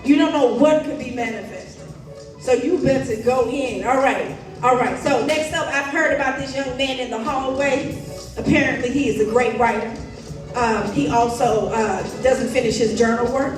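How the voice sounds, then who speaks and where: A woman's voice: sits high, normal speed. A woman hosting a school poetry slam, teasing and rallying the crowd with a preacher's flair. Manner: playful, teasing, calls on the crowd. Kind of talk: lively emcee banter with a preacher's flair. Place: school auditorium. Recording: echoey hall from far off, music behind.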